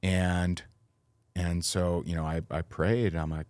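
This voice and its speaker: A man's voice: sits low, little pitch movement, measured pace, a little mellow, clear, resonant tone, dry recording. A middle-aged man talking as a podcast guest, telling an earnest, emotional personal story with many fillers and restarts.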